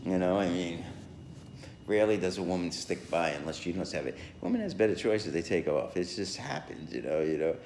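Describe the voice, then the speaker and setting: A man's voice: sits low, fairly quick, darkish tone, echoey room, a little hiss or hum. A man rambling through a solo podcast monologue, full of fillers and restarts, with chuckles along the way.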